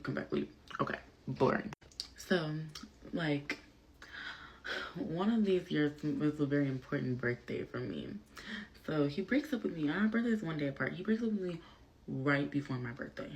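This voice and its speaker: A woman tells a dating story straight to camera while she gets ready, loose and profane, with "like" in nearly every line. Her voice has a gravelly fry running through it. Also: deep voice. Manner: animated, profane, full of fillers. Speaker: vlogger telling a story.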